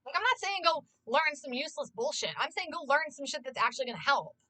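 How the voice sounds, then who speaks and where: A woman's voice: sits high, lively intonation, quick pace, bright, forceful tone, poor audio. A young woman streamer talking casually as she plays and watches, ranting animatedly and swearing often. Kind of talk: casual live-stream commentary.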